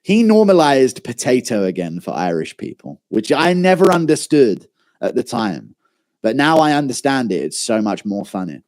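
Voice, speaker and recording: A man rambling through a live stream, reading out chat questions and answering with loose, profane banter. His pitch swings up and down a lot as he talks, and fillers pile up between thoughts. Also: big pitch swings, moderate pace, a little mellow. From England. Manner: swears freely, rambling banter with lots of fillers.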